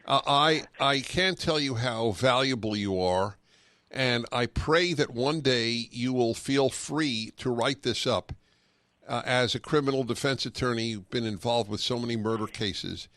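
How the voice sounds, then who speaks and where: A man's voice: medium pitch, unhurried, a bit bright, no echo. A man hosting a call-in radio talk show, speaking earnestly and emphatically and taking calls. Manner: emphatic, earnest, sarcastic asides.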